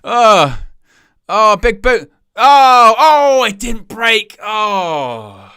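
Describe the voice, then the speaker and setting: A man hosting a live wrestling watch-along, calling the action with excited gasps and exclamations. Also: sits high, extremely slow, clear, resonant tone, no echo, studio quality. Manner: animated, exclaiming "oh" at each move. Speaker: wrestling live-stream host.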